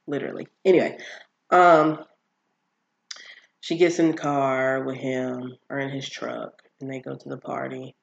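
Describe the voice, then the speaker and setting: A person casually recapping a TV series on their own channel, animated and exasperated, with emphatic asides and quick impressions of the characters. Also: mid-range voice, vocal fry, dull audio. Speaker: TV show recapper.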